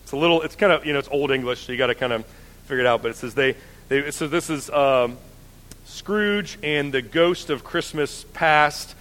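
A man's voice: medium pitch, moderate pace, a bit bright, in a large hall. A male pastor giving a casual, enthusiastic sermon, telling stories with many restarts and fillers.

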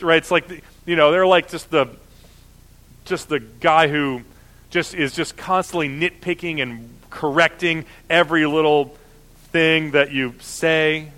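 Bright-voiced male preacher, conversational. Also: on the high side, steady tone, measured pace. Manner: conversational, with frequent fillers and mock voices of objectors. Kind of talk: sermon.

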